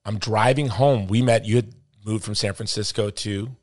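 A man's voice: lowish voice, moderate pace, dry recording, clean studio sound. A middle-aged man hosting a podcast, telling a story in casual chat and acting out the voices of the people he quotes. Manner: animated, acts out quoted voices, says dude and brother. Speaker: podcast host.

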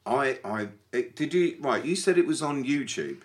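A man co-hosting a podcast, chatting casually in an animated way with stumbling restarts. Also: medium pitch, normal speed. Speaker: podcast co-host. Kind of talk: casual chat.

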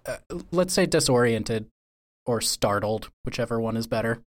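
A man's voice: medium pitch, lively intonation, normal speed. A man playing a tabletop role-playing game, answering the game master casually and hesitantly, with many fillers. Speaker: player.

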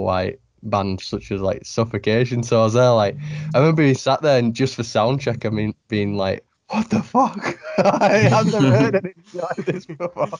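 A man's voice: lowish voice, darkish tone, dry recording. A man interviewing a musician in casual chat, hesitant with many fillers and restarts.

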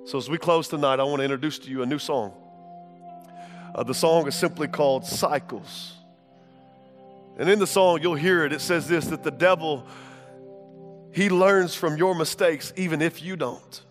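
Passionate high-voiced male preacher. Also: normal speed, pauses often, soft background music. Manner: passionate preaching, swinging from shouts to hushed tones. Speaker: pastor. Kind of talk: sermon.

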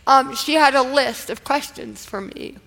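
A woman's voice: high-pitched, a little slow, creaky, a bit bright, long reverb tail, poor audio. A woman giving an earnest, emotional personal testimony at a live faith event, talking in a casual storytelling way. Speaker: guest speaker.

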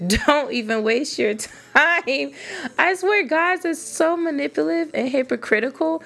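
A woman giving blunt dating advice straight to women listeners in a casual, animated rant, swearing freely. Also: high voice, measured pace, vocal fry, soft background music.

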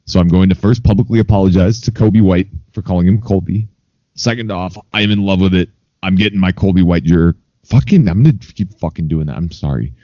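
A man's voice: sits low, fast, dark tone, no echo, muffled recording. A man co-hosting a casual sports podcast, rambling, swearing freely and poking fun at himself. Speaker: podcast co-host.

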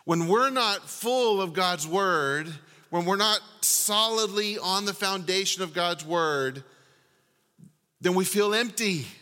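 A man preaching with a bright, ringing edge and a voice pitched a little high for a man. He drives his points home with rhetorical questions and drops from full volume to near hush. His words trail off into the long echo of a big church sanctuary. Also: slow. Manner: emphatic, with rhetorical questions and swings from loud to hushed. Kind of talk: sermon. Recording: long reverb of a large hall.

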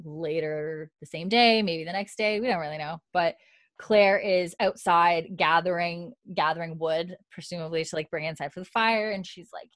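A chatty woman walking through an episode's scenes, full of fillers and casual swearing. Her voice sits mid-pitch, recorded close and very dry. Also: moderate pace, no room sound. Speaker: podcast co-host.

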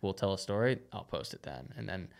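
With a fairly low voice, vocal fry and a slightly fast pace, a young man who rides BMX talks as a guest on a podcast. It's casual interview chat, and he stays relaxed, laughs a lot and fills his speech with "like."

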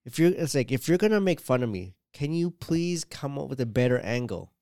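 Smooth-voiced man rambling in casual chat. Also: mid-range voice, big pitch swings, fairly quick, warm tone, dry recording, clean studio sound. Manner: rambling storytelling, full of "like" and quoted asides.

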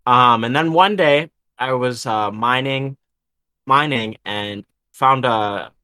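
A man's voice: medium pitch, takes it slowly, sharp tone, no echo. A young man co-hosting a podcast, rambling through a gaming story in casual chat and swearing freely. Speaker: podcast co-host.

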